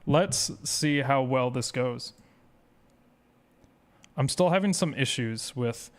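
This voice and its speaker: A man hosting a live speedrun stream, reading viewer comments aloud and answering them casually. He rambles and teases himself. His voice comes through smooth and clear, sitting at a plain mid pitch. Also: lively intonation, slow pace, pauses often. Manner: rambling, self-deprecating, reads chat aloud.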